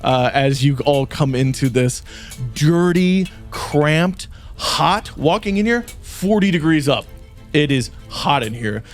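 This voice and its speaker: A man's voice: a little high, slow pace, faint music behind. A man running a tabletop game as game master, narrating scenes and slipping into character voices. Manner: animated, switching into character voices.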